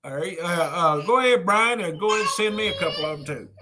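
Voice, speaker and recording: A vlogger filming at home, cooing at a baby and calling to the dogs in a drawn-out, sing-song voice, caught on a handheld phone. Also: mid-range voice, animated, very noisy. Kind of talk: casual home vlog chatter. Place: home, kitchen and living room.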